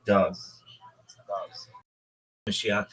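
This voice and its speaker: Casting: low-voiced man improvising a comedy bit on a livestream, loose and rambling. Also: level tone, extremely slow, slight background noise, rough recording. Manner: rambling, riffing, full of fillers.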